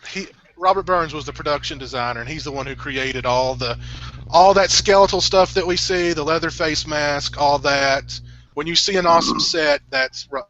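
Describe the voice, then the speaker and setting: A man co-hosting a casual movie commentary, chatty and animated as he shares film trivia. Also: on the high side, moderate pace. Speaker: podcast co-host. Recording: slightly dull lo-fi audio.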